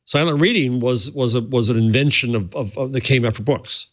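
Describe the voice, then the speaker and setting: A man co-hosting a podcast in casual chat, talking in rapid bursts with repeated words and restarts. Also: medium pitch, fairly even intonation, muffled recording. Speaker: podcast co-host.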